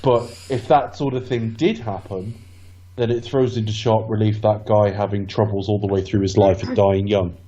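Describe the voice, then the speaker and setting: A man's voice: on the low side, steady tone, normal speed, mellow, muffled recording. A man co-hosting a podcast film commentary, musing in a rambling, thoughtful way. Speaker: podcast co-host. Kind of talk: casual film commentary chat.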